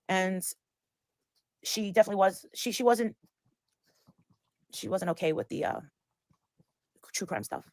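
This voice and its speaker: A woman's voice: lowish voice, normal speed, pauses often, no echo. A woman telling a story in casual chat, rambling and acting out the lines of the people in it. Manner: rambling, acts out quoted lines. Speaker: guest storyteller.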